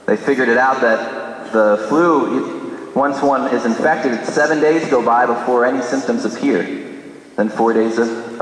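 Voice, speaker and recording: A man's voice: mid-range voice, slight background noise. A man preaching a sermon, telling a dramatic story and acting out the dialogue. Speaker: priest. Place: large church. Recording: echoey church from a distance.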